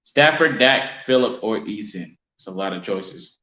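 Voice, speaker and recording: A man's voice: lowish voice, expressive, unhurried. Casual man hosting a live stream. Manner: casual, reads and answers chat shout-outs. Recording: roomy, dull lo-fi sound.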